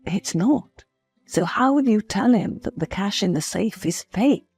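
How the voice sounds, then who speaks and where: A woman's voice: mid-range voice, animated, measured pace, darkish tone, slightly rough, soft background music. A woman voicing a blunt, worried mother warning her daughter in a spoken story.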